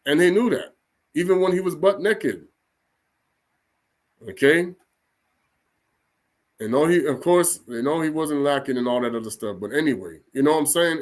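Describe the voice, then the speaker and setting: A man with a somewhat high voice preaches informally. He talks in a loose, colloquial way, often restarting sentences and checking in with his listeners. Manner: rambling, colloquial, frequent restarts and "okay?" checks. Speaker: religious teacher. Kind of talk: informal spoken sermon.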